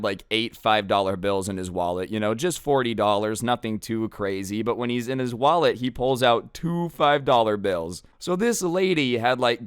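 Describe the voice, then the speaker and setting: A man's voice: medium pitch, clean tone, no echo, clean studio sound. A young man telling a funny personal story in a casual, sarcastic, chatty way. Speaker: storytime vlogger.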